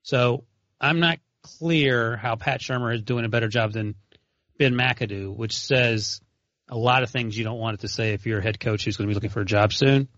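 A man's voice: medium pitch, fairly even intonation, normal speed, a bit bright, dry recording. A man co-hosting a sports podcast, trading dry, sarcastic one-liners. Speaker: podcast co-host. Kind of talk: casual sports banter. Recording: dull, lo-fi, dry studio sound.

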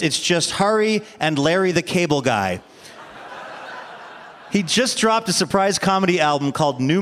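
A man's voice: fairly high pitch, a bit bright. A man hosting a radio show, introducing a guest with an upbeat, joking manner before a live audience. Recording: live hall with reverb, faint noise.

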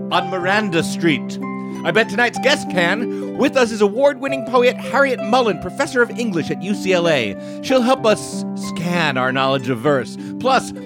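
A man hosting a comedy podcast, opening with a playful rhyming intro and bantering with his co-host. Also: sits high. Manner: playful, rhyming sing-song delivery in the intro. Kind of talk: comic podcast chat.

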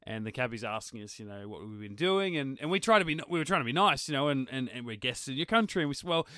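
Lively man telling travel stories. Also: medium pitch, fast, dry recording, studio quality. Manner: animated storyteller, laughs often. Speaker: podcast co-host. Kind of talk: casual podcast chat.

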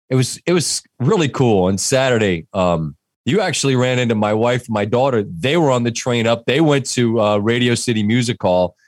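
A man co-hosting a casual sports podcast, telling a family anecdote in a relaxed way. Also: mid-range voice, no echo, clean studio sound. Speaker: podcast co-host.

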